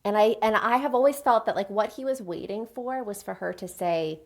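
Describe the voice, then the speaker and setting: A woman co-hosting a casual book podcast, giggling and gushing as she talks through her favorite scenes. Her voice sits at an ordinary pitch, and she slips easily into reading passages aloud. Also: a little fast. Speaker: podcast co-host.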